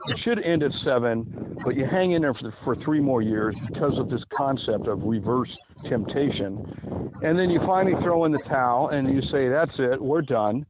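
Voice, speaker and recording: A man's voice: mid-range voice, animated. A man talking casually and opinionatedly in a rambling monologue, out of breath while outdoors by a river. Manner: rambling, opinionated, drawn-out emphasis. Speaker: podcast host. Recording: tinny phone-like audio with background noise.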